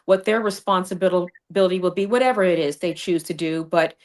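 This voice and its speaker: Speaking fairly quickly in a lowish voice, a congressional candidate shares her story with combative fire as a livestream guest. She's on a streaming video call from a home studio, heard through a remote streaming microphone.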